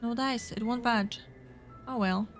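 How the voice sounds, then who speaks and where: A woman's voice: fairly high pitch, unhurried, music in the background. A woman casually reading game dialogue aloud as a let's play host, with fillers.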